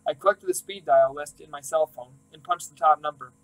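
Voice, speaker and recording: A man narrates a first-person story in a slightly higher-than-usual voice. His reading is intimate and emotional, staying close to the character's feelings. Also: brisk, fairly bright tone, poor audio. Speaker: audiobook reader.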